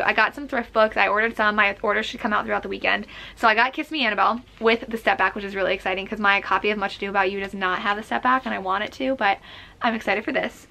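A woman's voice: medium pitch, creaky, fairly bright tone. A woman talking about books at home in a chatty, enthusiastic way, with a lot of "like". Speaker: book vlogger and teacher. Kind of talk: casual chat.

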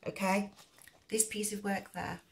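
A woman's voice: medium pitch, level tone, a little slow, a little hiss or hum. Rambling woman crochet host. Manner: rambling, many fillers and restarts, nonstandard grammar. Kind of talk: rambling casual explanation.

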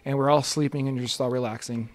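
A man telling a story as a podcast guest in a casual, excitable way. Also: medium pitch, quick pace.

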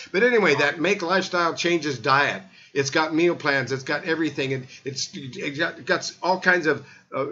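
A man's voice: mid-range voice, sharp tone. Rambling older man on a dull lo-fi line. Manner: rambling, many restarts and fillers. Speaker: health show host. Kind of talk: casual radio talk.

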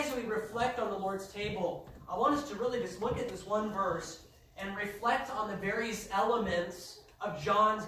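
High-voiced man preaching in echoey church. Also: far from the mic, a little hiss or hum. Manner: emphatic preaching, rising to shouts. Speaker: pastor. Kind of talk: sermon. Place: church sanctuary. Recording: echoey church heard from afar.

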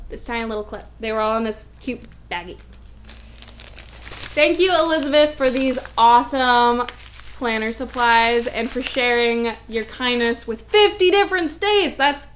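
A woman in her twenties opening fan mail for her vlog, gushing and chatty with excited asides. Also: on the high side. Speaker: vlogger.

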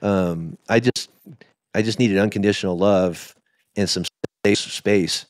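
A middle-aged man, a pastor, telling his story in a candid interview, halting with many restarts. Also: on the low side, dry recording, clean studio sound. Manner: emotional, halting, with many restarts and quoted asides. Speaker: lead pastor.

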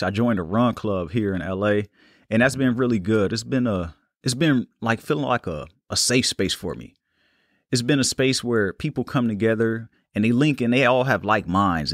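A young man hosting a solo podcast, talking in a calm, unhurried, reflective way. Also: fairly low pitch, no room sound, clean studio sound. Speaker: podcast host. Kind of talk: casual solo podcast talk.

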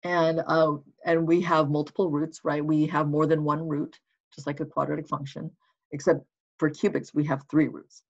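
A math teacher records a lesson, working through problems aloud in a casual, reassuring way and checking in with listeners as the writing goes along. The voice sits in a middle pitch with a gravelly edge. The recording is slightly muffled and lo-fi. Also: level tone, moderate pace. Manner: encouraging and reassuring.

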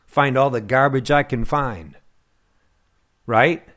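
A man preaching a sermon to his listeners, slow and emphatic, with long pauses. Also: medium pitch, a bit bright. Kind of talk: radio sermon.

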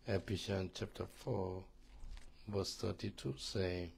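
A man teaching a church marriage course, earnest and halting, often repeating words and asking listeners if they understand. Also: low-pitched, steady tone, creaky, darkish tone, slight background noise.

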